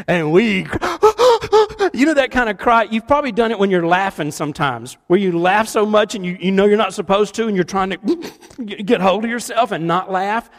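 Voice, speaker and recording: A man with a high voice preaches a sermon with lively storytelling. His delivery moves between booming and hushed passages. The sound carries a long reverb, as in a large hall. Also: a little fast. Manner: animated storytelling, shifts between loud and hushed. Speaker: pastor.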